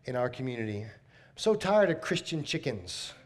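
A man's voice: medium pitch, big pitch swings, moderate pace. A man preaching a sermon as pastor, folksy and emphatic, repeating his key phrases.

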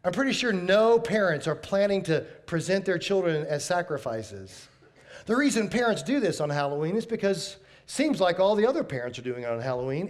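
A man preaching a sermon as pastor, folksy and emphatic, repeating his key phrases. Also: high-pitched.

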